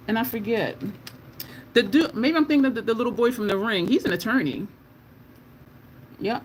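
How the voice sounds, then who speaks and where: A woman's voice: a little high, slight background noise, poor audio. A woman beauty vlogger in casual chat while doing her makeup, answering viewer comments and laughing often.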